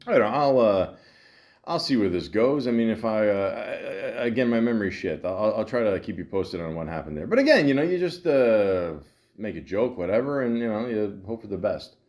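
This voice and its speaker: A man's voice: lowish voice, animated, a little fast, a little mellow. A man in his forties hosting a podcast, rambling through a casual, profane monologue with lots of fillers and self-deprecating asides. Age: 40s. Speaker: podcast host.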